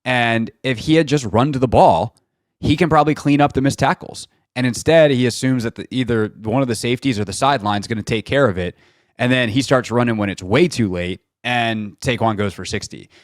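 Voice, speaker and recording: A man's voice: medium pitch, fairly quick, no echo, studio quality. A man hosting a sports radio show, breaking down football film in a casual, chatty way with lots of fillers and restarts.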